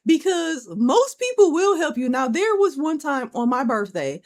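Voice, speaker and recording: This young woman speaks in a slightly high voice. She is co-hosting a podcast, chatting casually and telling animated stories. Her talk is blunt and full of swearing. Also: moderate pace, few pauses. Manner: blunt, frank, profane, animated storytelling. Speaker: podcast co-host.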